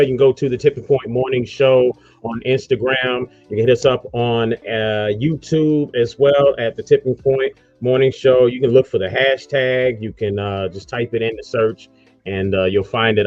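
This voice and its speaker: A man's voice: medium pitch, fairly even intonation, moderate pace, lo-fi sound, soft background music. A man hosting a casual online radio talk show, rambling loosely through promos and introductions. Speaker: host.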